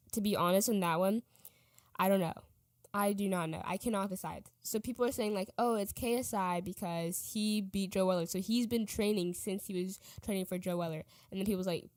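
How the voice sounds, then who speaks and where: With a mid-range, slightly mellow voice and no echo, a teen girl rambles through casual podcast chat as host. She frequently corrects herself and lets her sentences trail off.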